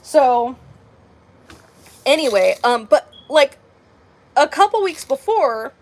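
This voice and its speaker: A woman's voice: high voice, takes it slowly. A woman in her late twenties telling a personal story in casual, rambling chat, full of "like" and "um". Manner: rambling, heavy on "like" and "um", with animated quoted dialogue. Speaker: crafting channel host.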